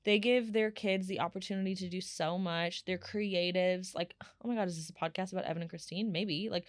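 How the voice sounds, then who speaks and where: Telling stories on her solo podcast, a thirtysomething host talks a little fast in a chatty, lively style full of filler words. Her voice is on the lower side, recorded dry and close without any room echo.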